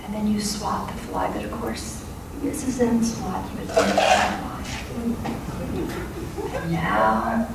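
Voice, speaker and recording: A middle-aged woman gently leads a qigong class, her instructions calm with small jokes. She sounds distant in a very echoey room. Steady background noise runs underneath. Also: medium pitch, slow pace, creaky, pauses often. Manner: calm, gently guiding, playful asides. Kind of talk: guided exercise instruction. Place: large echoey meeting room. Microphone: lapel mic.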